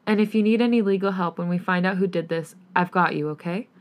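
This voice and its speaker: A woman's voice: lowish voice, fast, natural voice. Woman reading as a protective male lawyer friend. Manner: blunt, reassuring. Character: protective loyal young male attorney friend.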